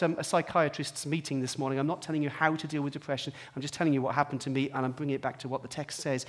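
Guy preaching, pretty high voice for a man, tells his own story, goes soft then gets loud and intense. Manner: personal storytelling, swings from quiet to emphatic. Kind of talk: sermon.

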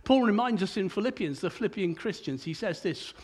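A man's voice: high-pitched, lively intonation, a little fast, a little mellow. An older man preaching a sermon in a conversational way, often stumbling and restarting his words.

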